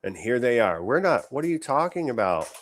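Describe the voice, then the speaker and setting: A man's voice: medium pitch, very animated, a little fast. A man hosting a political commentary show, talking in a sarcastic, indignant, conversational way. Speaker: show host.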